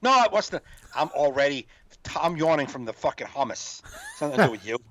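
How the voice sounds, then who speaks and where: A man's voice: on the high side, very animated, a bit bright, no echo. A man co-hosting a podcast in casual chat, agreeing often and telling his own stories. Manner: agreeable, frequent quick back-channel replies. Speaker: podcast co-host.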